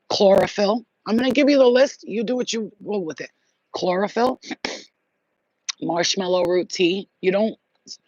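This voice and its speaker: A man's voice: high voice, no room sound, muffled recording. A man hosting a spiritual livestream in casual chat, effusive and rambling, swearing freely.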